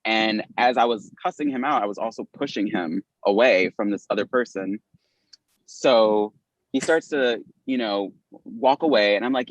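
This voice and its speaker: A man with a lowish voice, from Philadelphia, tells a rowdy story as a podcast guest, cursing freely and leaping way up in pitch whenever he acts out what people said. The sound is dry and a little dull, with no room around it. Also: normal speed, dry recording. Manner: animated, swearing, acts out quotes with big pitch jumps. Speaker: podcast guest, drag performer. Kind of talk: casual storytelling.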